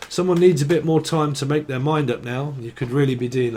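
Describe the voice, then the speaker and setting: A man from the north of England gives a loose tarot reading, hopping from word to word in a rambling flow. He swears freely and laughs often. His voice sits at an ordinary middle pitch. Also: fairly quick, hardly any pauses, a little mellow, a little hiss or hum. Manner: rambling, sweary, free-associating on words. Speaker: tarot reader. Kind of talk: casual channelled tarot reading.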